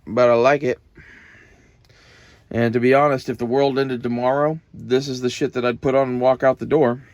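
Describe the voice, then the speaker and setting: A man's voice: mid-range voice, level tone, moderate pace, dry recording. A young man, talking to the camera in a loose, profane, meandering monologue that turns emotional at times. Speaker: vlogger. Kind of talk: casual rambling monologue.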